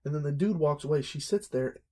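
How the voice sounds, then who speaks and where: A man's voice: a little high, a little fast. A young man, co-hosting a podcast in casual, profane chat and acting out stories. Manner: swearing, animated storytelling with quoted voices. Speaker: podcast co-host.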